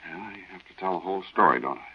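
An actor playing a man who recalls a spooky night in the desert, telling it in slow, earnest narration for an old radio drama. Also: low-pitched, expressive, dull audio, a little hiss or hum. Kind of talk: 1940s radio acting.

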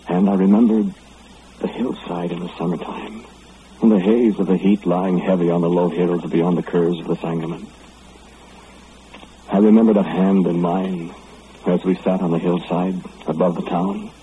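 An actor playing a remorseful young lawmaker who narrates his lovesick memories in a measured, solemn old radio drama. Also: low-pitched, close to an everyday voice. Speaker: narrator and lead character. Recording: phone-like old radio recording, faint hiss.

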